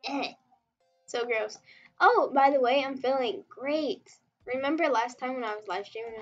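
High-voiced chatty woman streamer. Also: normal speed, highs cut off, faint music behind. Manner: chatty, rambling, reacting to chat, giggly. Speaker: webtoon artist streamer. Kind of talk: casual livestream chat while drawing.

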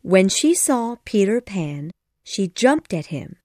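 A woman reads a children's story aloud at an unhurried, measured pace. Her tone is mellow and soft, with a lively rise and fall through the sentences. The recording is close and dry. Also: medium pitch, no echo. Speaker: audiobook narrator. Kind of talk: scripted narration.

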